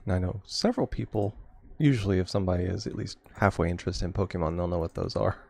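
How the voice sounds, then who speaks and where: A man's voice: low voice, fast talker, creaky, darkish tone. A man streaming a game, chatting casually and rambling with frequent chuckles. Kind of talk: casual gameplay chat.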